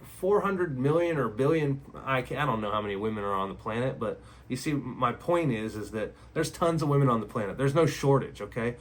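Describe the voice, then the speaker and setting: Blunt man lecturing listeners. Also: on the high side. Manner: blunt, repetitive, rhetorical questions. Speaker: relationship advice video host. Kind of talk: casual monologue to camera.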